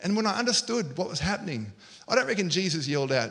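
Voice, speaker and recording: Bright-voiced storytelling pastor. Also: male voice, sits high, animated, racing. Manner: storytelling, acts out quoted lines. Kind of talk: sermon.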